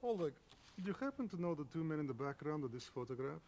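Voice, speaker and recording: A man's voice: a little high, big pitch swings, fast talker, darkish tone. An actor with a put-on Russian accent playing a formal male Russian intelligence officer in a spy video game, rolling his R's. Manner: stiff, formal, rolls every R.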